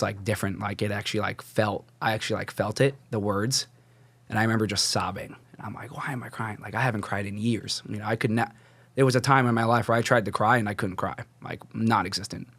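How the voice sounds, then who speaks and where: A man's voice: fairly low pitch, steady tone, a little fast, creaky, fairly bright tone, no echo. Young man rambling through his testimony. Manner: rambling, many "like" fillers and restarts. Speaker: podcast guest. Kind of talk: casual testimony.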